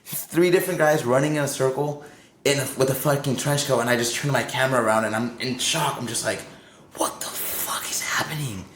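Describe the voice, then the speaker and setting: A man on a podcast telling a wild tour story in a casual, animated way, swearing freely and acting out what others said. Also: medium pitch, fast talker, a little hiss or hum. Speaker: touring crew guest. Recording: roomy with faint ambience.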